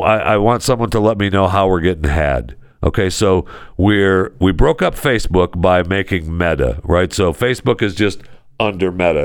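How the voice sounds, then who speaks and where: A man's voice: deep voice, gravelly, no room sound, studio quality. A man hosting a talk show, ranting in a casual, sarcastic and exasperated way. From United States.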